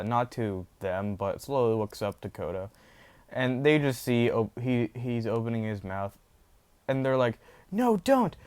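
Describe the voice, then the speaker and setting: A man's voice: mid-range voice, clean tone. A man casually retelling a fan story off the cuff, rambling with many fillers and self-corrections.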